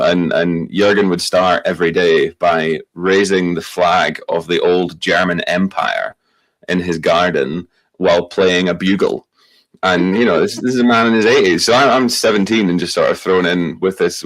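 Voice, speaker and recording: A man's voice: low-pitched, fairly bright tone. A young Scottish man telling long rambling anecdotes in a casual podcast chat. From Scotland. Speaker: tour company owner.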